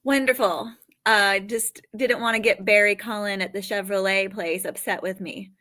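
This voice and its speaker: A woman in her forties from Western New York, talking as a comedian guest on a live interview show. Her voice is bright and sharp, and her delivery is chatty and animated, always reaching for the joke. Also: medium pitch, moderate pace. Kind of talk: casual interview chat.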